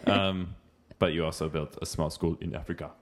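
A man's voice: a bass voice, steady tone, normal speed, a little hiss or hum. A young man, tipsy from wine, joking and swearing his way through a rambling casual chat.

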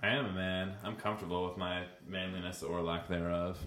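A man's voice: sits low, flat delivery, fairly quick, a bit bright, slight background noise. A man hosting a podcast while drunk, chatting casually with crude, profane jokes into a mic on a stand. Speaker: podcast host. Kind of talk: casual chat.

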